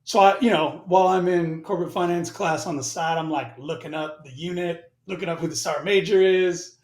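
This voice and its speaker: A man in his forties tells a story as a podcast guest, casual and salty, jumping between his own lines and the other person's. His voice sits a little high for a man. The room has a noticeable echo. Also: fairly quick. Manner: animated, profane, mimics both sides of conversations. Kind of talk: casual storytelling with acted-out dialogue. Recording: roomy echo.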